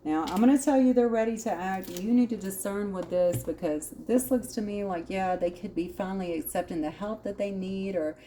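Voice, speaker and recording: A woman's voice: medium pitch, a little fast, hardly any pauses, warm tone, a little hiss or hum. A woman giving a casual channeled tarot reading, musing aloud with frequent asides. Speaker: tarot reader.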